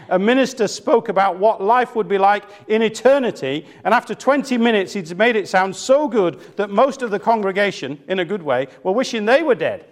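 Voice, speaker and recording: A man preaching a sermon, telling a story with humor and building to emphatic high points.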